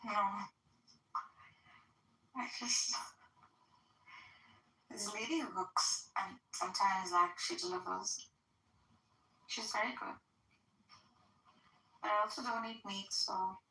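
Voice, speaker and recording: A woman bantering bluntly in casual chat. Her voice is bright and clear at a middle pitch. It sounds set back in a roomy space. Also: takes it slowly, pauses often, recorded from a distance, slight background noise.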